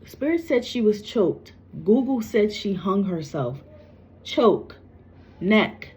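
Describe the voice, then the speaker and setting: A woman's voice: mid-range voice, sing-song, slow pace, darkish tone. A woman, a psychic medium, talking casually to camera in a blunt, repetitive way and cursing freely. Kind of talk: casual spoken reading to camera. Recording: dull lo-fi recording.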